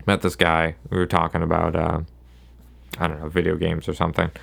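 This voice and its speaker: Gravelly-voiced man rambling on a podcast. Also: low-pitched, completely flat delivery, a little fast, a bit bright. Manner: rambling, sarcastic, self-interrupting. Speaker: podcast host. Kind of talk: casual solo podcast monologue.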